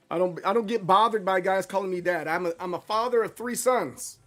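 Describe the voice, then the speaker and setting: A man's voice: high voice, a little fast, few pauses, no echo. A man, chatting casually with his stream audience. He talks animatedly, stumbling over restarts. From Southern US. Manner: animated, stumbling restarts, acts out quoted voices. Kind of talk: casual live-stream chat with chat.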